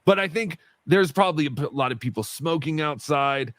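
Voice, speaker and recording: A man's voice: a little high, lively intonation, brisk, a bit bright, no room sound. A man co-hosting a podcast, chatting casually and rambling with many asides. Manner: rambling, lots of fillers and asides. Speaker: podcast co-host. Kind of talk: casual chat.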